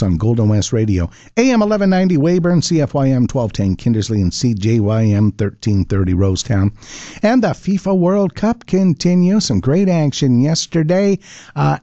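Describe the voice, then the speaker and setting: A man's voice: fairly high pitch, mellow, no room sound. A man hosting a casual local radio sports update, chatty, with offhand asides. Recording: slightly dull radio audio.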